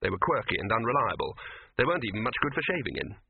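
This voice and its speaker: A man narrating a comic fantasy story with wry, expressive storytelling. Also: on the low side, fast talker, creaky, breathy edge, no echo. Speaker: audiobook narrator. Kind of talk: scripted narration. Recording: tinny, phone-like recording.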